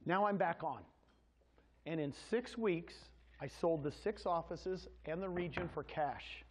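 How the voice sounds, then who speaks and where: A middle-aged man giving a sales presentation to an audience, telling his story in a folksy way and speaking directly to the crowd. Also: high voice. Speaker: real estate presenter. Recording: dull lo-fi sound.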